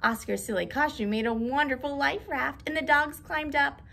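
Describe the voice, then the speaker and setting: A woman teacher reading a storybook aloud in an expressive, animated way. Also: sits high, moderate pace, gravelly.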